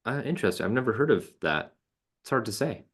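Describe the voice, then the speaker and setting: A man's voice: medium pitch, sing-song, quick pace, fairly bright tone, breathy edge. A man hosting an online webinar over a video call, laid-back and joking, with slangy casual talk. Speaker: webinar host. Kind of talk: casual presenting.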